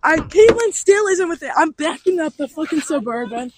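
A young woman casually telling a profane, animated story, often laughing. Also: high voice, moderate pace, background noise. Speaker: storytelling co-host.

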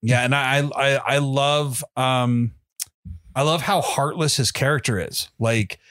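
A male podcast co-host chats casually, rambling, swearing and using lots of fillers. His mid-range voice is fairly bright and a little slow. The recording is dry, with clean studio sound.

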